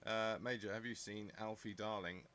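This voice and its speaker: Lowish-voiced bright man, rambling live chat. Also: steady tone, moderate pace. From southern England. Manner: rambling, muses aloud, answers chat comments. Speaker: live stream host reading chat. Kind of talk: casual live-chat talk.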